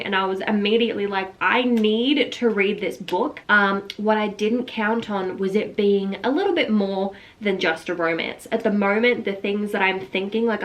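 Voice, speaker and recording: A woman's voice: mid-range voice, a bit bright, rough recording. A young woman, vlogging about a book in a casual, gushing way. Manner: gushing, breathless enthusiasm with frequent "like". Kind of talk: excited casual vlog.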